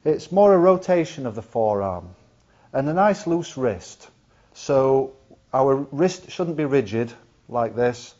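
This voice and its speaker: In a slightly dull lo-fi video, a man gives a ukulele lesson with an expressive, medium-pitched, darkish voice, taking it slowly. He demonstrates patiently step by step, counting the beats out loud, while a ukulele plays behind him.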